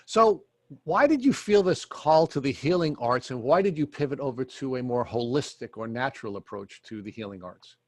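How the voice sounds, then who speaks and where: A man's voice: mid-range voice, expressive, normal speed, no room sound, studio quality. Courteous man hosting a podcast interview. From Long Island, New York. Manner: courteous, formal questioning. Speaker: podcast co-host. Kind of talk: interview questions.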